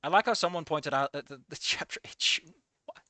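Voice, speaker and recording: A streamer reacting to a fan comic in casual live commentary, excitable and swearing, jumping between shouted outbursts and low muttering. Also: quick pace, dry recording.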